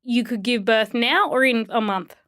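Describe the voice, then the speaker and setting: A woman's voice: on the high side, moderate pace, fairly bright tone, no room sound, clean studio sound. A woman co-hosting a podcast, telling stories animatedly with frequent laughter. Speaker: podcast co-host. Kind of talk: casual chat.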